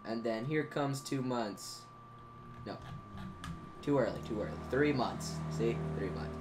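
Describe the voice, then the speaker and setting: A teenage boy talking through his channel's history in a rambling, profane, excitable way, as a gaming YouTuber looking back. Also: medium pitch, a little slow, over music. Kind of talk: casual anniversary vlog monologue.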